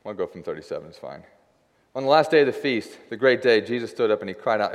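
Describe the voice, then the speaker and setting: A man's voice: mid-range voice, expressive, fast. A young adult man giving a sermon as a guest preacher, talking in a loose, conversational way with lots of filler words. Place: church sanctuary. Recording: long hall reverb.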